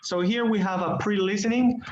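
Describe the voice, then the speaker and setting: A man's voice: high voice, steady tone, normal speed, echoey room, dull audio, slight background noise. A male English teacher, patiently explaining grammar with examples and repeating key words in an online class.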